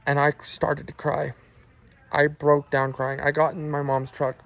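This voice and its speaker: A man's voice: fairly high pitch, monotone, a little slow, creaky, a bit bright, highs cut off. A man telling his personal faith testimony in an earnest, emotional way. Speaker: Christian testimony vlogger.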